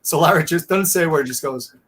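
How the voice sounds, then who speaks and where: A man, a former hockey player, recalling his playing days in a casual chat with eager, quick interjections. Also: a little high, fairly bright tone, slightly rough. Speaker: podcast guest and former pro hockey player.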